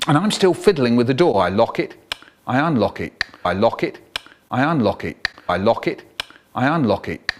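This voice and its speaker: An older British man telling comic childhood stories in an animated way, switching to high voices for the children and to a low drone for his brother. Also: normal speed. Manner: low droning chant for the brother. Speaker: storyteller. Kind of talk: comic storytelling, remixed.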